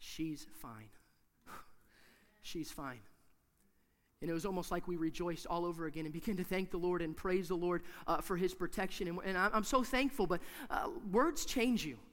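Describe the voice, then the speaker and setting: A man preaching a sermon in a church, emphatic and repetitive, swinging from hushed to loud. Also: high voice, a little fast, few pauses, long reverb tail.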